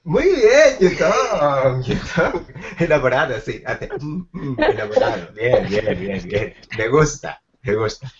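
A man teaching a language class online, lively and encouraging with his students. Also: fairly high pitch, measured pace, crowd noise. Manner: lively, encouraging, laughs often. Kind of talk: online mini-lesson. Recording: dull lo-fi video call with faint noise.

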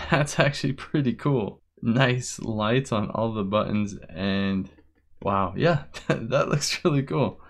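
Relaxed, chatty man reviewing gear. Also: mid-range voice, slow, dry recording, rough recording. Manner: relaxed, chatty, easily impressed. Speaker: product reviewer. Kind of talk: casual product review. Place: quiet small room at home. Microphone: the reviewed unit's wireless handheld mic.

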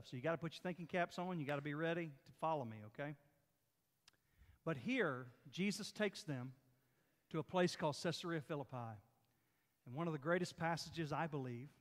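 Lively Southern preacher in a reverberant church. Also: male voice, on the high side. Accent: Southern American. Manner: animated, folksy preaching with dramatic scripture reading. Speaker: pastor. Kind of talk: sermon. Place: church sanctuary. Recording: long hall reverb in church.

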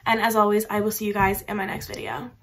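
A woman's voice: medium pitch, level tone, fast talker. A young woman talking casually as a book vlogger, chatty and giggly with lots of "like" fillers. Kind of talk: casual chat.

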